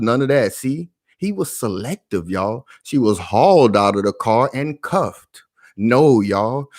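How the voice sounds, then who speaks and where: A man giving casual reaction commentary, emphatic and full of street slang, often calling out to his viewers. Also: fairly low pitch.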